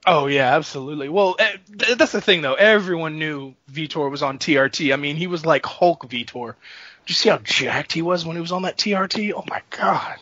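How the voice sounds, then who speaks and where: Bright, animated man on a podcast. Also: on the high side, brisk, dry recording. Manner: animated, laughing often, jokey. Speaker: podcast co-host. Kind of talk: casual sports chat. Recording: dull lo-fi dry sound.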